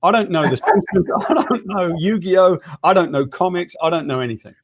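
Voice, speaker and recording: A British man spins an anecdote in a casual chat, his voice sitting a little high for a man. He is animated and self-deprecating, and he slips into the voices of the people in his story. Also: a little fast. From Britain. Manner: animated, self-deprecating storyteller who acts out quoted lines. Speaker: co-host.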